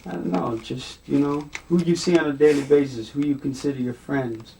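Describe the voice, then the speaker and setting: A man asking questions in an interview, speaking quietly and hesitantly. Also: fairly high pitch, fairly even intonation, moderate pace, gravelly, slight background noise, poor audio.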